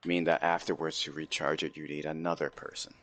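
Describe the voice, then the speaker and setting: A man's voice: rumbling low, little pitch movement, a little fast, fairly bright tone. A man acting as game master, plainly explaining and narrating a tabletop game.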